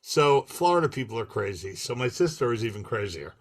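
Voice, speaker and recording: A man's voice: medium pitch, big pitch swings, fairly quick. A man, a podcast co-host, rambling through a story in casual chat. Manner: rambling anecdote teller.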